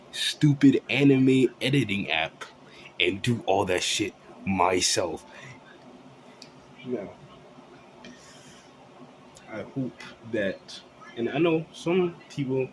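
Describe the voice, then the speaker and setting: Man, blunt profane rant, rambling, fairly low voice, noisy background. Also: lively intonation, takes it slowly, pauses often. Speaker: vlogger.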